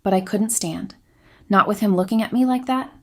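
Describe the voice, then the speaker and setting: A woman's voice: mid-range voice, moderate pace, darkish tone. Woman narrating a confession in a subdued voice. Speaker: story narrator. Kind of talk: scripted first-person confessional narration.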